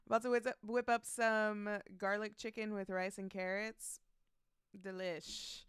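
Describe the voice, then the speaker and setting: A woman's voice: medium pitch, big pitch swings, measured pace, a bit bright, smooth, dry recording, clean studio sound. A woman streaming live, chatting casually, reading out chat messages and greeting viewers by name, laughing often.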